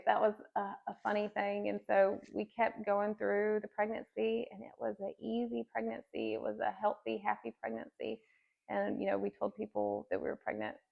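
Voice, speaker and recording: A woman's voice: medium pitch, creaky, highs cut off. A woman in her thirties giving an earnest personal faith testimony as a podcast guest, telling her story with many casual fillers.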